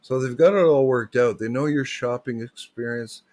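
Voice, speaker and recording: A man's voice: mid-range voice, normal speed, darkish tone. A man, hosting a livestream with rambling, joking, digressive chat. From Canada. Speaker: livestream host.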